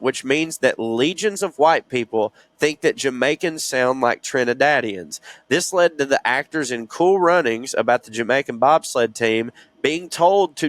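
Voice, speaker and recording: A man's voice: medium pitch, a bit bright, no room sound. A man with a Southern accent co-hosting a podcast, chatting casually and reading listener emails aloud in a storytelling way. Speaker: podcast co-host.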